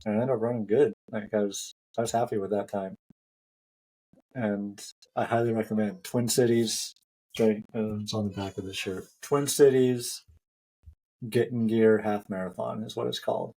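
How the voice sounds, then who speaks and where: A man's voice: fairly low pitch, fairly even intonation, moderate pace, dark tone, slightly rough. A man hosting a running podcast, telling a story in a chatty way and laughing often. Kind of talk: casual chat.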